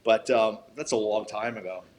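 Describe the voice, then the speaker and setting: An older man's voice, on the low side and at a moderate pace, carries stories from his career as a police detective, now retired. As an interview guest he's blunt and profane, acting out quoted dialogue, over slight background noise.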